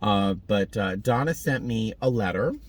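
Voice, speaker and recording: A man chatting to camera in a casual vlog, rambling and halting with many fillers and restarts, gentle and sentimental in tone. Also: on the low side, far from the mic. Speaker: vlogger.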